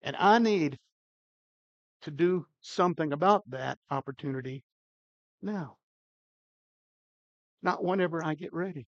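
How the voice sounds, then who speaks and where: An older man preaching a sermon with emphatic, dynamic delivery, his loudness swinging widely. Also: on the high side, unhurried, gravelly, pauses often, no echo, lo-fi sound. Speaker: pastor.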